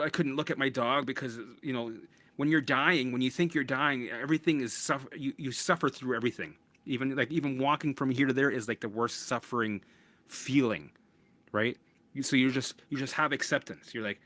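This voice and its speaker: A man's voice: medium pitch, brisk, a bit bright, no echo. A man hosting a podcast, telling his own story frankly, swearing often, acting out his past thoughts and tossing in "right?" asides. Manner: restless, with frequent restarts and "right?" asides. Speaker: podcast host. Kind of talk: candid personal storytelling.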